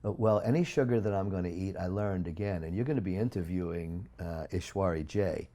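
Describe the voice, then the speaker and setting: A man speaking as an interview guest, talking in an emphatic, preachy way with big swings in loudness. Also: deep voice, brisk. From United States. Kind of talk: interview talk.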